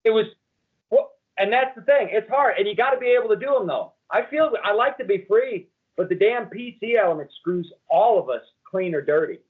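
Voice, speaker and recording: Casting: high-pitched man, crude animated storyteller, phone-line sound. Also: a little fast, slightly rough. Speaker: comedian podcast co-host. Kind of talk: casual podcast chat, storytelling.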